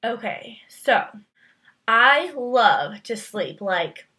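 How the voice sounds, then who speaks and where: A woman's voice: a little high, expressive, very slow, bright, forceful tone. A young woman vlogging casually, rambling through tag questions with lots of fillers and playful, exaggerated emphasis.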